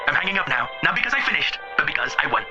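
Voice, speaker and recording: Brief: man putting on a bragging president impression, high voice, self-praising, lo-fi clip with music. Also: very animated, rapid-fire. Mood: boastful. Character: boastful male impression of a US president. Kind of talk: comedy phone-call impression.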